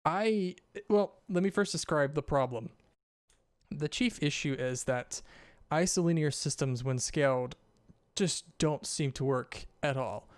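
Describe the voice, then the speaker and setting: A frazzled woman scientist, voiced by a man rambles anxiously through technical problems in a slightly raised, smooth voice. She hedges and restarts often. The recording is dry and close. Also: fairly high pitch, a little slow, no echo, close to an everyday voice. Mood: flustered.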